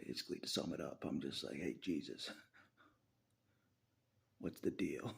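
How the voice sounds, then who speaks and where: A man talking straight to the camera in a rambling casual monologue, often laughing and ranting out loud at God. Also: sits low, creaky, breathy edge. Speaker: vlogger.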